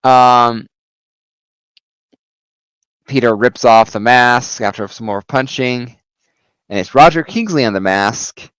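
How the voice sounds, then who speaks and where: A man's voice: medium pitch, slow pace, pauses often, a bit bright, clear, resonant tone, no room sound, rough recording. Casual male reviewer, filler-heavy recap, dry close sound. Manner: rambling recap full of "you know" and "uh". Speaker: comic book reviewer.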